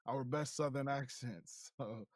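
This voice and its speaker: A man's voice: medium pitch, measured pace, dry recording, studio quality. A man answering as a guest in a casual interview, recounting things with frequent laughs.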